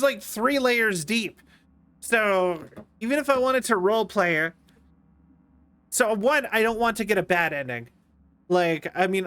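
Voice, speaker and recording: A young male streamer offers casual gameplay commentary, playful and rambling, breaking off and starting over often. The voice is high, smooth, and sharp in tone.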